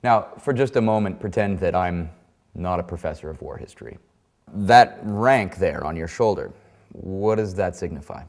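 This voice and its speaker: Male interviewer, deadpan mock-interview questioner, low voice. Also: normal speed.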